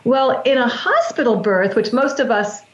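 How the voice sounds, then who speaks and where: A woman breathwork practitioner with a somewhat high voice talks in an interview. She explains calmly and steadily, often circling back to restart a thought. The recording sounds roomy and a little muffled. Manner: calm, measured explaining with frequent restarts.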